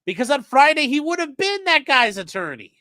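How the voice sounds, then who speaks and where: This man's voice is extremely high-pitched and a little fast. On a live stream he reads a court transcript aloud, adding profane, animated commentary and switching voices for the quotes. The audio is dry and clean, with studio sound.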